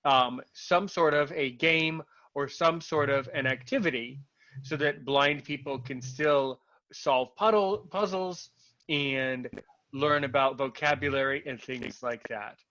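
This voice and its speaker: A man's voice: medium pitch, measured pace, bright, forceful tone, no room sound, dull audio. A man hosting a podcast interview, upbeat and playful. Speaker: podcast host.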